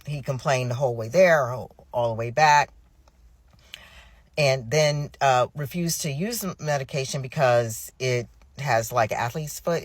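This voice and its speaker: A middle-aged woman caregiver venting in an exasperated, rushed way, often restarting her sentences. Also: rumbling low, no room sound. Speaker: family caregiver. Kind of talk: emotional personal venting.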